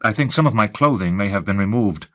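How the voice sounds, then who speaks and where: A man's voice: fairly low pitch, expressive, fast talker, highs cut off. A man narrating an audiobook mystery in scripted first-person narration.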